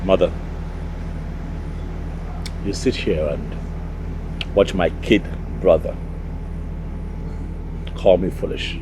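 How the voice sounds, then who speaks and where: An actor with a Nigerian accent playing an earnest older prince who complains with indignation. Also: male voice, deep voice, slow, long pauses, background noise. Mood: indignant. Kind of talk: film drama acting.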